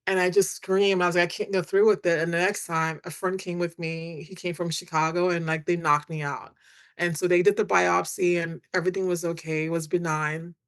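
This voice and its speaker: Middle-aged woman guest, chatty and animated storyteller, talks in quoted dialogue. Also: on the low side, brisk. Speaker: guest, attorney and author. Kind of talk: candid storytelling in a podcast interview.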